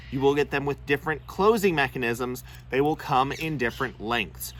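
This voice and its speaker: A man's voice: a little high, fairly bright tone, slight background noise. A young man hosting an instructional vlog on parrot keeping, explaining earnestly with frequent "uh" fillers. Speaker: bird-keeping video host.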